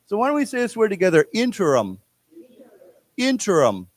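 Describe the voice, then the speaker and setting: A man with an American accent teaching English to a class of Chinese speakers, explaining words slowly and having everyone repeat them. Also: high-pitched, expressive. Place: lecture room in a library.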